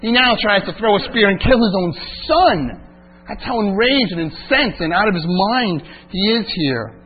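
Male pastor, husky, fairly high voice, expository sermon, phone-thin sound with mains hum. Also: lively intonation, moderate pace, phone-quality sound. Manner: expository preaching, rising intensity at climaxes.

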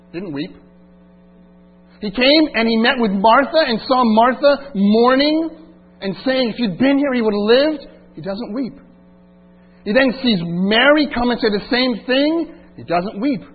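A man preaching a sermon as pastor, swinging between loud emphatic passages and quiet reflective asides. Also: very high-pitched, expressive, measured pace, pauses often, husky. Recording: tinny phone-like line with faint hum.

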